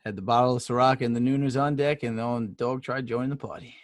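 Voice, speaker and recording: A man's voice: mid-range voice, fast, no echo. Teasing New man, dry close sound. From New York. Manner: joking, teasing banter. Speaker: podcast co-host. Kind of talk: casual chat.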